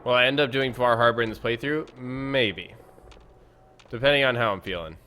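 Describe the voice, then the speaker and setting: A man's voice: medium pitch, normal speed, sharp tone, a little hiss or hum. A man giving casual let's-play commentary while he plays, chatty and self-mocking, thinking aloud. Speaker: gameplay commentator.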